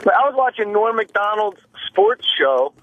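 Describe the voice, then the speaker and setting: A man calling in to a radio show, telling rapid, profane stories and acting out other comedians' lines. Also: high-pitched, big pitch swings, lo-fi sound. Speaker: phone-in comedian guest. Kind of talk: animated phone-in storytelling. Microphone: phone line.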